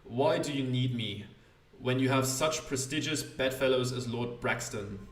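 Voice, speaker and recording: A man's voice: medium pitch, a little slow, roomy sound, far from the mic, close to an everyday voice. A man voicing a wry British heroine. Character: sharp-tongued young woman investigator.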